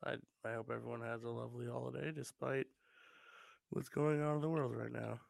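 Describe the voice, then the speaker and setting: A man's voice: medium pitch, little pitch movement, fairly quick, gravelly, no room sound. A man co-hosting a podcast in casual chat, laid-back and giving short, wry replies. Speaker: podcast co-host.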